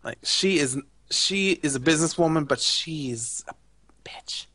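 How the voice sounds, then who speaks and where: A man's voice: fairly high pitch, animated, a little slow, pushed and bright, dry recording. A young man co-hosting a casual chat, rambling and opinionated with lots of fillers. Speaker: podcast co-host.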